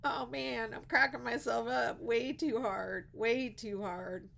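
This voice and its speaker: A woman's voice: fairly high pitch, steady tone, slow, vocal fry, a bit bright. A middle-aged woman with a Pittsburgh accent, hosting a casual crochet livestream, chatty and rambling and laughing at her own jokes. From Pittsburgh, USA.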